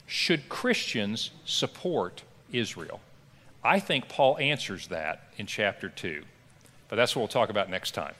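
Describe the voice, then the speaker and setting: A man's voice: lowish voice, expressive, a little slow, pushed and bright, in a large hall. A middle-aged man, a pastor teaching a Bible class in a conversational, emphatic way. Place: church classroom.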